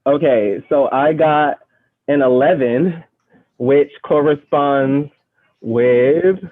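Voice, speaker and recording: A man's voice: mid-range voice, slow pace. A man hosting a poetry slam over a video call and reciting a poem, playful and full of slang, laughing often. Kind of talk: casual hosting and performance poetry. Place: home, remote video call. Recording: tinny lo-fi video-call audio.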